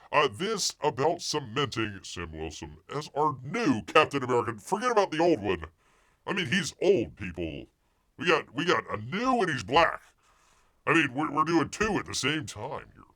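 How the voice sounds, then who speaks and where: A man's voice: medium pitch, bright, forceful tone, no echo. A man hosting a show, giving sarcastic, rambling news commentary full of fillers and asides. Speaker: host.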